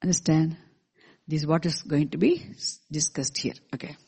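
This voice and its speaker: A teacher explaining a scripture verse to a class in a measured way, repeating key terms and asking the listeners questions, with verses chanted slowly in between. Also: medium pitch, vocal fry, mellow, slightly rough. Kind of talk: scripture lecture.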